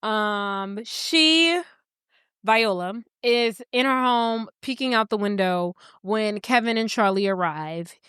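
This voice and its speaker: A woman's voice: medium pitch, takes it slowly, a bit bright, clear, resonant tone, no echo, clean studio sound. A woman co-hosting a podcast, recapping a movie in casual chat and acting out the characters' lines as she goes. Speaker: podcast co-host.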